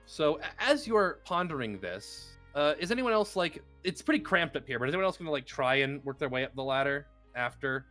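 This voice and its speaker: Halting male game master, fairly high voice. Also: very animated, bright, forceful tone, soft background music. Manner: halting, full of fillers and restarts. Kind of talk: narrating a tabletop game.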